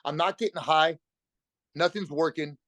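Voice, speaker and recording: Talking fast and without filters, a middle-aged podcast guest recounts his personal recovery, emotional and liberally profane. His voice is a little high and somewhat bright, captured with no room sound.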